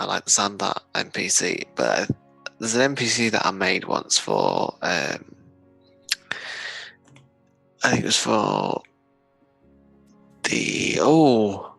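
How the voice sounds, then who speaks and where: A man's voice: lowish voice, very animated, slow pace, vocal fry, long pauses, sharp tone, breathy edge, faint music behind, rough recording. A man co-hosting a casual tabletop gaming chat, telling stories animatedly and laughing often. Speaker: podcast co-host.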